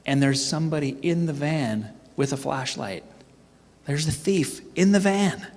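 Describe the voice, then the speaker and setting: A middle-aged man telling a funny personal story at a team training, animated and self-mocking. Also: fairly high pitch, unhurried. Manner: animated, humorous, acts out his own panicked voice. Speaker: speaker at a sales team training. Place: event hall. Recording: echoey hall reverb.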